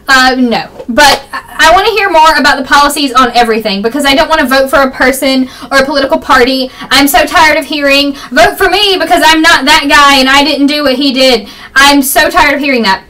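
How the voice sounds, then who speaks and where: A young woman vlogging casually about politics, talking quickly and rambling with strong opinions, her voice a little froggy. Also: high voice, bright, forceful tone. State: slightly froggy voice. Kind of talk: fast casual political vlog. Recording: distant camera mic.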